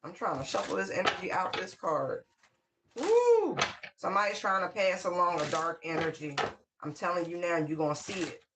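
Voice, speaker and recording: A woman giving a casual spiritual tarot reading, emphatic and outspoken. She repeats her phrases, swears freely and breaks into excited whoops. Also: on the low side, a little fast, very noisy. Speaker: tarot reader.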